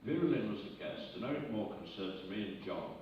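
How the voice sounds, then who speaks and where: A man's voice: fairly low pitch, expressive, fast, slight background noise. An older man telling chatty, self-mocking anecdotes on a stage, chuckling between stories. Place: arts centre stage before an audience. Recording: echoey, distant, dull hall recording.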